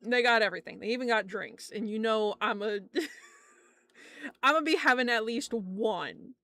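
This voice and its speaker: A young woman streamer telling stories in a casual chat, animated, swearing often and laughing between lines. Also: a little high, unhurried, no echo.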